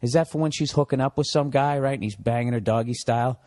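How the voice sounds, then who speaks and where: A man's voice: medium pitch, fast talker, a little mellow, no room sound, clean studio sound. A man in his forties with a Boston accent, hosting a podcast and delivering a profane, sarcastic solo rant. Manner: profane, sarcastic ranting with frequent asides. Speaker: podcast host.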